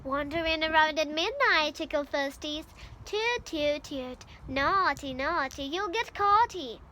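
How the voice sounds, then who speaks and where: Woman doing mischievous poltergeist, male, sing-song taunting, very high, bright. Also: expressive, a little slow, slight background noise, full character voice. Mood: gleeful taunting.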